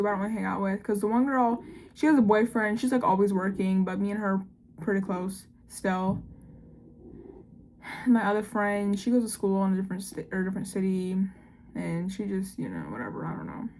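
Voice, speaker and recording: A nineteen-year-old woman vlogs confessionally and casually, rambling quickly with constant "like" and "I don't know." Her voice is medium in pitch.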